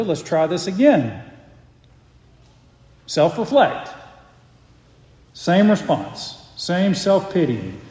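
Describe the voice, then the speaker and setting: A man preaching a sermon, reading scripture aloud and explaining it earnestly, sometimes sinking to a soft hush. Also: high voice, sing-song, slow, pauses often. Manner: earnest, drops to a soft hush for quiet moments. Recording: echoey hall.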